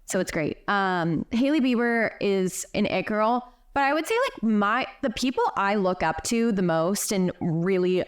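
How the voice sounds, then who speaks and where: A woman's voice: mid-range voice, expressive, a little slow, few pauses. A woman being interviewed in a casual chat. She agrees readily and talks in loose, trailing sentences with frequent restarts. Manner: agreeable, lots of "yeah" and "I love", trailing restarts. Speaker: interview guest.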